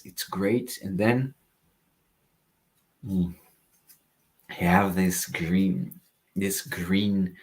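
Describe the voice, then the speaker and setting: Very low-voiced man reviewing fragrances. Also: darkish tone. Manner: chatty, reads live chat comments aloud. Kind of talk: casual livestream review.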